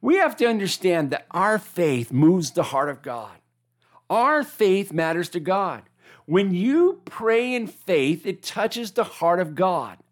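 Animated preacher calling for responses. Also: mid-range voice, slow pace. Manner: animated, calls the audience to repeat lines. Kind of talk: sermon.

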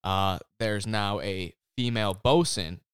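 A man's voice: on the low side, measured pace, a bit bright, smooth, no room sound, studio quality. A man chatting casually, recapping shows and movies with friends. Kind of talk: casual chat.

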